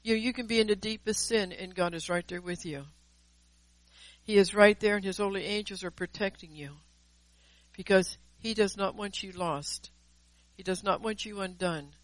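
A woman's voice: fairly low pitch, moderate pace, no echo, rough recording. A woman preaching a devotional sermon in an earnest, emphatic way, repeating words for stress and mixing in personal testimony.

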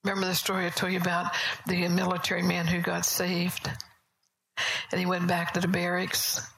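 Gravelly-voiced woman preaching softly. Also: lowish voice, monotone, moderate pace, low-quality recording. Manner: conversational storytelling, soft and often whispery. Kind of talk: sermon. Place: church service.

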